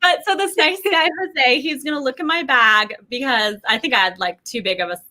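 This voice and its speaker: A woman in her thirties, a language course founder, telling animated stories in a casual interview, acting out quotes and laughing often. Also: high voice, brisk.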